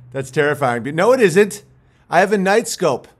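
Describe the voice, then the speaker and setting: Profane joking man streaming from his farm at night. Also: on the high side. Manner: profane, joking, mock-spooked, laughs often. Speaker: livestream host. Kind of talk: casual rambling livestream talk.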